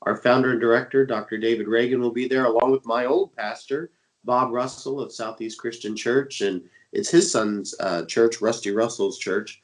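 On a low-quality recording, a man with a cold-congested voice speaks at medium pitch and normal speed with fairly even intonation. He co-hosts a religious radio show in the Dallas, Texas area as an internet evangelist and talks eagerly, with many fillers.

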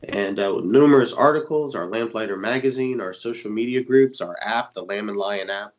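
A man's voice: fairly low pitch, normal speed, rough recording. A man with a stuffy, congested voice from a cold, co-hosting a religious radio show and talking eagerly with many fillers. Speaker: co-host and internet evangelist. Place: Dallas, Texas area.

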